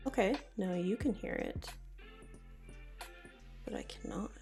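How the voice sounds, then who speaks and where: Slow, creaky-voiced young woman streaming. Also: mid-range voice, huge pitch swings, warm tone. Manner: rambling, talks to herself while fiddling with settings. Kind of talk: casual live-stream chat. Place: home, at her computer. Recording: faint background music. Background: faint music.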